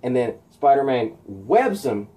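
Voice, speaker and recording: A man casually retelling a movie fight scene, animated and shouting sound effects, with many fillers. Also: medium pitch, measured pace, breathy edge. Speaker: video host recapping a film.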